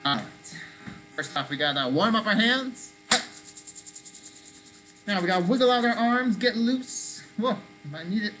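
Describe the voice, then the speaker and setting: A woman runs a children's shout-along game with a bright, forceful tone. She keeps an unhurried pace and coaxes the kids playfully. A faint mains hum sits under the recording. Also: medium pitch, lively intonation, low-quality recording. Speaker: children's activity leader. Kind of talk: leading a call-and-response movement game.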